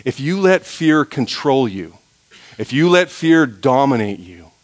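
A man preaching a sermon, swinging between soft, quiet passages and loud, high, forceful ones. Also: sing-song, unhurried. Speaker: pastor.

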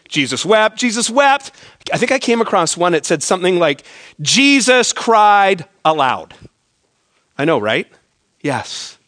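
A man delivers a sermon to his congregation in a relaxed, joking, conversational way, often tossing in "right?". His voice sits high for a man, and the sound is close and dry with little room echo. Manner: conversational, self-deprecating humor with frequent "right?". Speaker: pastor. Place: church sanctuary.

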